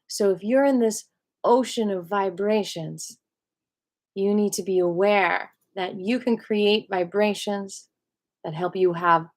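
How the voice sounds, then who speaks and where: A woman giving a casual spoken qigong lesson. She talks in an animated way, piles up rhetorical questions and breaks into little acted-out voices of other people. Her pitch sits in the middle for a woman. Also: slow. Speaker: qigong teacher.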